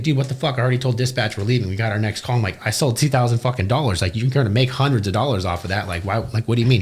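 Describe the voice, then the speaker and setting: A man from Southern California, a business owner and podcast guest, telling stories in a studio interview, swearing often and acting out both sides of conversations. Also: on the low side. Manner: fast, profane, animated retelling with quoted dialogue. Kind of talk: casual interview storytelling. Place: recording studio.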